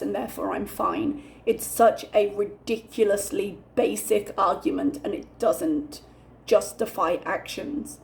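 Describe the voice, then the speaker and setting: A young woman talks through her commentary with a noticeable gravelly fry in her voice, sitting at a middling pitch. She rants openly and swears without holding back, and her tone stays candid and unfiltered. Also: a little hiss or hum. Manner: ranting, candid, swears freely. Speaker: reaction channel host.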